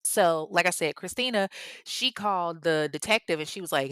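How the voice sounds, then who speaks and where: A woman casually telling a true crime story, animated and chatty, drifting into tangents and casual swearing. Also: lowish voice, normal speed, clear, resonant tone, dry recording. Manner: animated and chatty, acts out the people she quotes.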